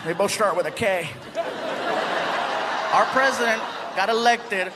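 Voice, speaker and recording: A man performing a stand-up comedy set before a live audience, animated and acting out quotes. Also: high voice, unhurried. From United States. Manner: animated, acts out voices and quotes. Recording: live audience laughter, background noise.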